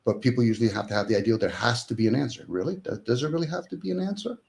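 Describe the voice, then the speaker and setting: A man's voice: mid-range voice, expressive, rapid-fire, creaky, a little mellow. A man in casual conversation as a guest, arguing in rhetorical questions and acting out the voices of people he quotes.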